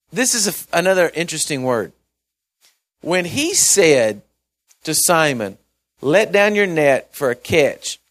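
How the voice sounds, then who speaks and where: Male pastor, slightly high voice, conversational folksy sermon delivery with loud-to-quiet swings. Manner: conversational, folksy preaching with asides and repeated words; swings between loud emphasis and quiet mumbling.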